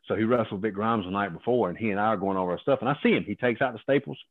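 Man in his 50s, low-pitched, phone-line guest spinning colorful, profane wrestling yarns, dry sound. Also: rapid-fire, dry recording. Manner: profane, animated, acts out other people's lines. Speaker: guest, former pro wrestler. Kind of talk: casual storytelling.

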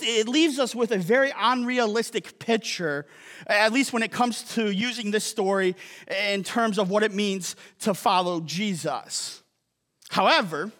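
A man's voice: sits high, fairly bright tone. A man preaching a sermon as a pastor, conversational and joking, often checking in with the congregation by asking "right?". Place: church auditorium. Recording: long hall reverb.

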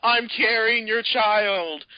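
A man's voice: high-pitched, takes it slowly, no echo, voice pushed up. A man playing a huffy, melodramatic alien woman. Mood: indignant. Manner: huffy, overwrought. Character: indignant shape-shifting alien woman, melodramatic. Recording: slightly dull lo-fi sound.

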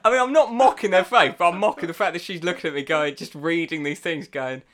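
A man, telling a story in casual comic chat, wry and self-deprecating, with deadpan quoted voices. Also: a little high, fairly quick. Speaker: podcast co-host.

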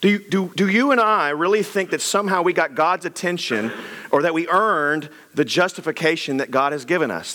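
A middle-aged man, a pastor giving a conversational sermon full of rapid rhetorical questions. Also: on the high side, sharp tone.

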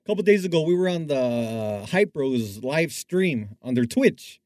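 A man's voice: fairly high pitch, very animated, a little slow, darkish tone, no echo, studio quality. A man co-hosting a podcast, telling awkward stories about himself with lots of laughs and self-deprecating jokes. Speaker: podcast co-host. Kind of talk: casual chat.

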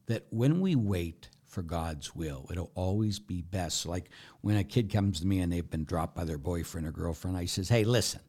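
A middle-aged Catholic priest preaching during a Q&A, emphatic, often asking rhetorical questions and swinging between loud and soft. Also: male voice, deep voice, normal speed, few pauses, breathy edge.

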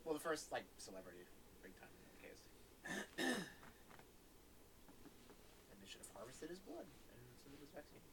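A man's voice: fairly high pitch, wildly swooping pitch, background noise. A man trading irreverent jokes while watching a movie with friends. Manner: joking, irreverent, quick asides. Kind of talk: casual movie-watching commentary.

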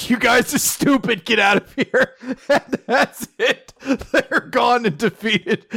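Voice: medium pitch, fairly bright tone. A co-host in a casual chat recap who giggles often and drawls out lines. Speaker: podcast co-host.

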